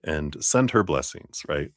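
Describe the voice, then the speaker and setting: A man's voice: low-pitched, gravelly, no room sound, studio quality. A man hosting a live-stream tarot reading, chatty and laughing often as he talks to viewers by name. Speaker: tarot reader.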